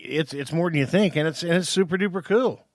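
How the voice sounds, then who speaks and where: A man co-hosts a studio podcast, joking around with his partner. His voice is a touch high and sounds dry and close to the mic. He keeps up a playful, teasing banter. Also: brisk, no room sound. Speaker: podcast co-host. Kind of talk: casual chat.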